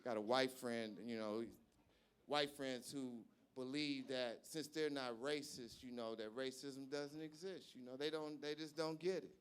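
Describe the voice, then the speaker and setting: A male stand-up comedian performing live on a club stage, brash and profane, shouting his punchlines. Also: mid-range voice, steady tone, measured pace, clean tone.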